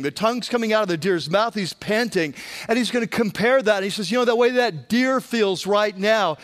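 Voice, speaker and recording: A man with a high-pitched voice gives a sermon in an easygoing, conversational manner. He restarts sentences often and keeps checking in with the congregation as he goes. He talks plainly, as if to friends, rather than in a formal pulpit style. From Southern California. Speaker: pastor.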